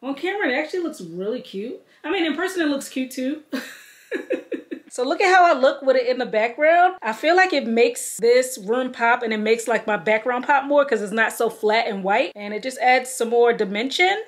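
A woman's voice: sits high, animated, moderate pace. A woman vlogger, chatting casually and cheerfully to viewers from a room at home, laughing often. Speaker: lifestyle vlogger. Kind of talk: casual home vlog chat.

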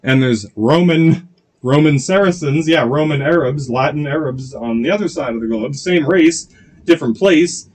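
A man from Canada hosts his channel with a rambling political rant. He curses freely and keeps restarting and breaking off into asides. His voice sits a little high. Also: normal speed. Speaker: channel host.

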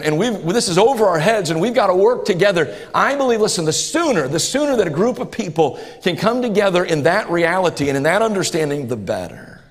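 A man, preaching a sermon as pastor, earnest and repetitive, rising to impassioned bursts. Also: a little high. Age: 40s. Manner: earnest, repeats phrases, rises to impassioned bursts. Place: church sanctuary. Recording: reverberant church hall.

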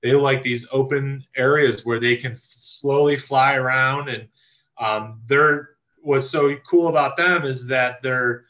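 Man, enthusiastic casual birding teacher, sharp bright tone, slightly lo-fi call mic. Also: medium pitch, slow. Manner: relaxed, enthusiastic, many fillers and restarts. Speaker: land trust staff member teaching birding. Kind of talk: casual virtual presentation. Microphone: video call microphone. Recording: slightly dull lo-fi video call audio.

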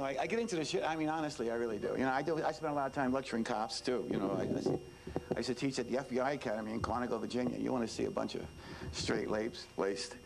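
Older New man, gravelly, talks plainly with emphatic repeats; faint noise behind. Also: mid-range voice, low-quality recording. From New York. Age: 70s. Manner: conversational, frequent "you know", emphatic repetition. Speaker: speaker and former detective. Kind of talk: informal speech to students.

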